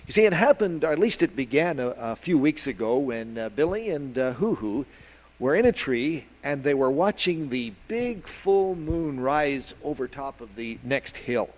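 A man telling a children's story at church, in a folksy, lively way with plenty of fillers. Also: mid-range voice, moderate pace, low-quality recording.

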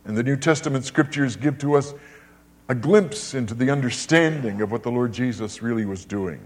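An older man preaching a sermon in an emphatic way, with big rises and drops in pitch and loudness, often repeating his words. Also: normal speed.

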